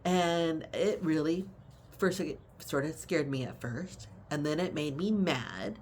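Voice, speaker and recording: A woman's voice: sits low, slow pace, darkish tone, slight background noise. A middle-aged woman who cares for her mother tells her story in a casual vlog, with emphatic, conversational retelling. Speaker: family caregiver.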